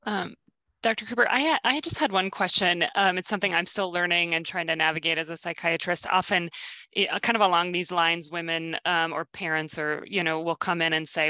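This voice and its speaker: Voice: mid-range voice, a little fast, sharp tone, no room sound. A psychiatrist asking questions in a clinical teaching session, speaking thoughtfully and hesitantly with many fillers, over a video call.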